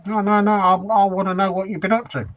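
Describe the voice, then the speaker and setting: A man's voice: high-pitched, little pitch movement, fast talker, dull audio. A man co-hosting a casual chat, enthusiastic and admiring as he talks. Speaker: co-host.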